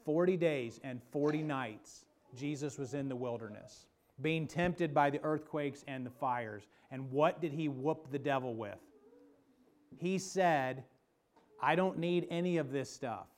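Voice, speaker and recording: A man preaching a sermon as pastor, swinging between emphatic calls and soft, hushed passages. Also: mid-range voice, measured pace. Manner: preaching with rising emphasis, then dropping to a soft hush.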